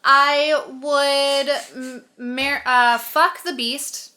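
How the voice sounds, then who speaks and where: A woman's voice: high voice, fairly even intonation, drawn-out words, bright, forceful tone. A woman on a casual podcast, talking candidly with crude humor and a lot of hesitant fillers. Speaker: podcast co-host.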